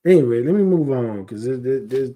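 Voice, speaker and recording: A man's voice: medium pitch, lively intonation, brisk, dark tone. A man teaching a scripture class in a heated, conversational way, often asking rhetorical questions and drifting into digressions.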